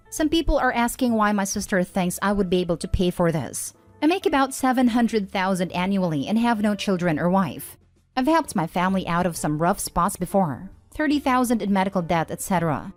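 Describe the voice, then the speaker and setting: A woman narrating online posts and comments aloud in an even, conversational storytime read. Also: medium pitch. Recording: dry close voice over faint music. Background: faint background music.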